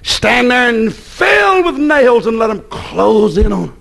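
Preacher, male, husky high voice, shouts then drops low to tell stories. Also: big pitch swings, a little slow, few pauses. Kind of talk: fiery sermon.

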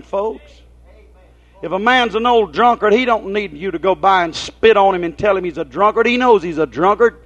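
A man preaching a folksy sermon, telling homespun stories and asking his listeners rhetorical questions. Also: sits high. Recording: dull lo-fi recording.

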